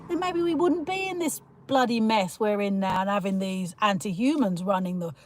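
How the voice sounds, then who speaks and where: A woman's voice: mid-range voice, moderate pace, few pauses, darkish tone, a little hiss or hum. A woman hosting a casual livestream, rambling through her opinions, laughing often and greeting viewers as she reads their comments. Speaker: livestream host reading chat comments.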